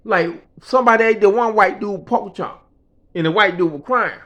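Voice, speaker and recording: A man with a notably high voice tells a story from his own life in loose, slangy talk. He swears freely and slips into the voices of the people he describes. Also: normal speed. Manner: animated, slangy and profane, acts out quoted voices. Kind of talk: casual personal storytelling.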